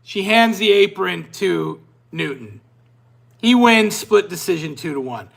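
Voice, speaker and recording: A man's voice: high-pitched, a little slow, vocal fry. A man hosting a podcast, telling a long personal story in a casual, rambling way and often breaking off mid-sentence. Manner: animated, rambling, self-interrupting. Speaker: podcast host.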